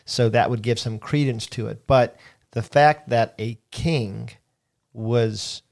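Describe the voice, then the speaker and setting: A middle-aged man co-hosting a casual history podcast, relaxed and encouraging, with hesitant pauses and fillers. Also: medium pitch, gravelly. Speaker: podcast co-host.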